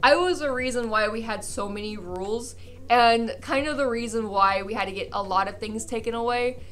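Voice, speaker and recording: A young woman spins a funny story from her school days in a casual vlog, her voice bright and a little high. She talks animatedly, slips into voices for the people she quotes, and laughs between lines. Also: moderate pace. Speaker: vlogger.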